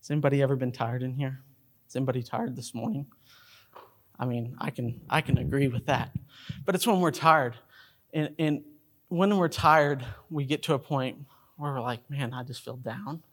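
A man's voice: normal speed, long pauses, fairly bright tone. A middle-aged male pastor, preaching a sermon to his congregation and telling stories, acting out characters along the way. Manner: storytelling, acts out movie characters in a high voice. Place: church sanctuary.

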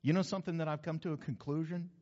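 A man preaching a sermon as pastor, lively and conversational with asides to the congregation. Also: fairly high pitch, fast. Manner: animated preaching with asides and acted-out quotes. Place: church sanctuary. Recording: dull sound with long hall reverb.

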